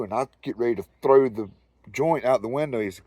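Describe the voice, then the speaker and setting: A man's voice: mid-range voice, fairly quick, a little mellow, no echo. A man with a Southern US accent telling a rambling, profane anecdote in casual storytelling style. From Southern United States. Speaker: storyteller host.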